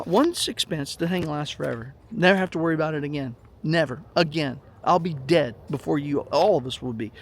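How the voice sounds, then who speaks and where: A middle-aged vlog host launches into a blunt, profane, heated rant, telling his viewers a story in a monologue. His voice is a little high, with a touch of hiss or hum in the audio.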